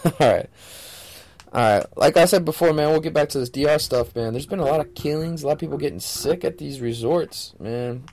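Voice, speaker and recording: A man's voice: a little high, moderate pace, a little mellow. A man hosting a podcast alone, talking casually in a laid-back, slangy, profane way. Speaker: podcast host. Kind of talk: casual solo podcast monologue.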